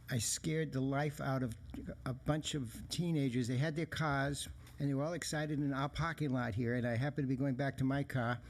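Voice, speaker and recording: A man's voice: medium pitch, a little mellow. A man speaking as a town councilor at a council meeting, telling anecdotes in a rambling way.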